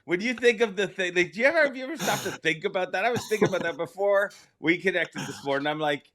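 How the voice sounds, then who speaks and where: A man hosting a podcast, chatting loosely with his guest, rambling through his thoughts with quick laughs. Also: high-pitched, expressive, bright, forceful tone. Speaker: podcast host. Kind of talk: casual interview chat.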